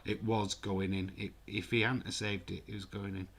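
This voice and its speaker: A man's voice: lowish voice, moderate pace, vocal fry. Chatty man commenting football. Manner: chatty, excitable, reads viewer comments aloud. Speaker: host of a live football watch-along. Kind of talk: casual live match commentary.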